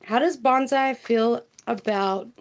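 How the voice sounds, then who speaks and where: A woman's voice: fairly high pitch, slow pace, background noise. A woman, doing a casual tarot livestream, chatty and laughing as she reads viewer comments aloud.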